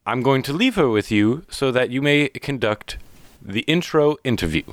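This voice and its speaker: A man's voice: medium pitch, lively intonation, moderate pace, no echo, voice pushed up, lightly acted. A man voicing a formal, firm woman who runs the guild.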